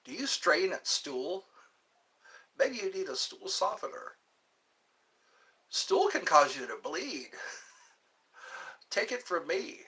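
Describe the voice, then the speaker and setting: A man's voice: a little high, huge pitch swings, takes it slowly, long pauses, sharp tone. A man hosting a casual livestream, answering viewer questions in a rambling, jokey way. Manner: rambling and jokey, drifting between topics. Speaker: livestream host.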